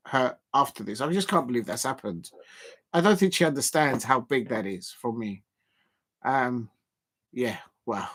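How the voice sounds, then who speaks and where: A young man chatting excitably through a live football watch-along stream, rambling with lots of ums and uhs. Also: fairly high pitch.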